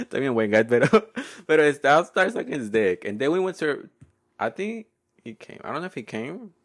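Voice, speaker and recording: A man's voice: a little high, very animated, measured pace, long pauses. Young guy w/ rambling on his podcast, giggly, voice jumps all over. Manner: playful, giggly, code-switching, often loud and laughing. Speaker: podcast host. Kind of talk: casual solo podcast storytelling.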